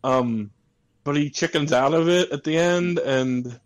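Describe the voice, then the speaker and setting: Male podcast co-host, fired-up profane ranter, voice a bit high. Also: a little slow, poor audio. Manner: heated, profane, rambling with restarts. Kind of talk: casual ranting chat.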